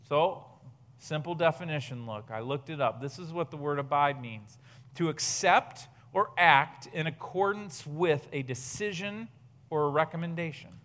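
A man's voice: on the high side, a bit bright. A man preaching a sermon in an earnest, questioning manner, building to emphatic outbursts. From United States. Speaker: pastor.

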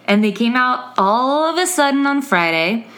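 A woman co-hosting a podcast, chatting casually and telling animated stories about her students. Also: fairly high pitch, moderate pace. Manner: animated storyteller, mimics others with lively voices. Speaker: podcast co-host; teacher. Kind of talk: casual chat.

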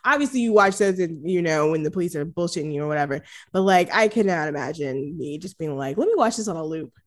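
A woman co-hosting a podcast in casual chat, animated and laughing often, with frequent swearing. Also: low voice, quick pace. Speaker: podcast co-host.

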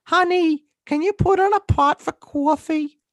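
A man voicing a loud, bossy mother with an exaggerated Long Island accent, yelling orders at her family. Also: very high-pitched, a little slow, no echo, pitched above the performer's own voice. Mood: nagging. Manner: brash, bossy, yelling across the house.

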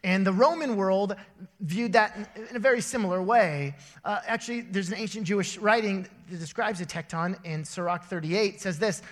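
A young man delivers a sermon in a church auditorium, his bright, high voice carrying a long reverb from the big room. He tells stories with lively put-on voices before turning to scripture. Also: moderate pace. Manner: storytelling with animated voices and laughter. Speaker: pastor.

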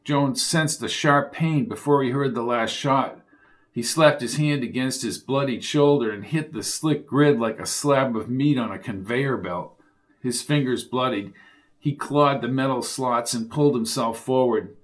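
A man's voice: mid-range voice, measured pace. Man narrating a thriller audiobook.

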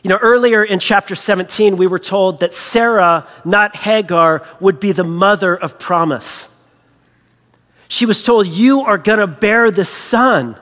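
A man preaching a sermon as a pastor, animated and storytelling, acting out the voices he quotes. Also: high-pitched, a little slow, in a large hall.

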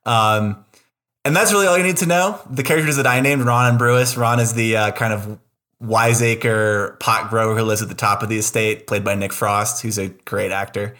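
A man's voice: fairly low pitch, steady tone, normal speed, sharp tone. A man hosting a podcast in a casual, chatty way. He is enthusiastic and self-deprecating, and often restarts his sentences. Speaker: podcast host.

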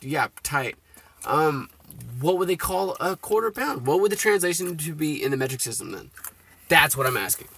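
A young man co-hosting a podcast, swearing a lot and arguing excitedly in casual chat. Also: a little high, normal speed, slightly rough. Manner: profane, excitable, argues loudly. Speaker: podcast co-host.

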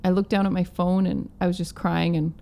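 Female guest musician from Manitoba, animated storyteller, slight fry. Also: fairly low pitch, brisk. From Manitoba, Canada. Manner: animated storyteller, acts out quotes in her own voice. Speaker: guest musician, violinist and singer. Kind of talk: storytelling in a casual interview.

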